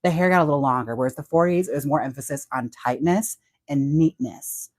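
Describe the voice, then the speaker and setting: A man's voice: fairly high pitch, animated, brisk, no room sound. A man hosting a casual livestream, chatty and giggly as he talks about wigs and reads out viewer comments. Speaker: livestream host and wig stylist.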